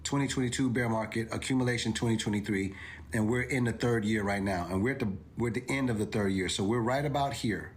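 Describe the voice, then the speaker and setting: Emphatic low-voiced man on a crypto livestream. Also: quick pace, a little hiss or hum. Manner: emphatic, repeats himself, rising to incredulous exclamations. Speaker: crypto commentator. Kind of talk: livestream chart commentary.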